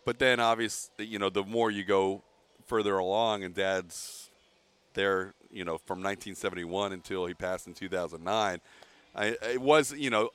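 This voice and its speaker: Low-voiced man reminiscing calmly. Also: moderate pace, smooth. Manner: relaxed, reminiscing. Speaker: guest. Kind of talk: casual chat.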